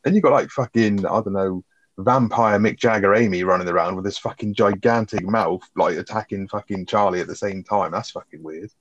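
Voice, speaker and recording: A man's voice: lowish voice, fairly quick, dull audio. A man talking casually about a film on a podcast, swearing often and laughing as he talks. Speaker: podcast co-host.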